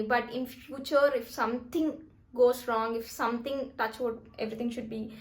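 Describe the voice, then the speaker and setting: A young woman with a slightly high voice gives life advice in a casual vlog. She talks in a chatty, emphatic way and now and then eats while she speaks. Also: fairly even intonation, normal speed. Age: 20s. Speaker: vlogger.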